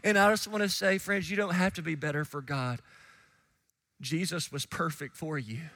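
High, bright-voiced preacher swinging to shouts. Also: male voice, steady tone. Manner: acts out listeners and biblical figures in quick quoted asides. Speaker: pastor. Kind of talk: sermon.

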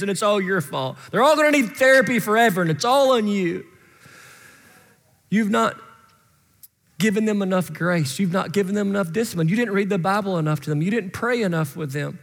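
A man voicing an accusing male devil who hisses into a listener's ear and then taunts in a shrill, rapid string of charges, heard with long hall reverb. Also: gravelly, husky. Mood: taunting.

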